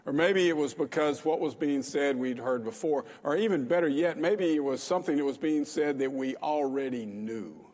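A man's voice: fairly high pitch, normal speed, few pauses, a little mellow, long reverb tail. A man preaching a sermon as pastor, talking in a conversational way with frequent fillers.

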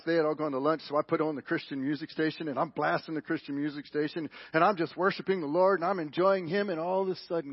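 High-voiced preacher with husky sound. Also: male voice, no room sound. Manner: emphatic, swinging from loud questions to hushed lines. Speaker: pastor. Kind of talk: sermon. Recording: dull lo-fi broadcast audio.

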